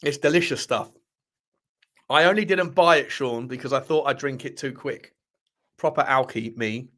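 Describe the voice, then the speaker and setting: A man's voice: mid-range voice, normal speed, a bit bright. A man hosting a casual live chat, rambling, bantering with viewers and laughing often. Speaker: livestream host reading chat.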